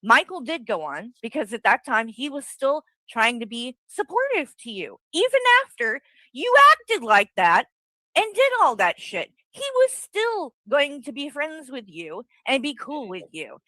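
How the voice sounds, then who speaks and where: A woman with a bright, sharp voice lays out her grievances in a long heated argument. She swears freely and keeps circling back to her point. The sound is dry and close. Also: high voice, big pitch swings, unhurried, hardly any pauses, no echo, rough recording. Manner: blunt, swearing, rambling accusations. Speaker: guest confronting the host.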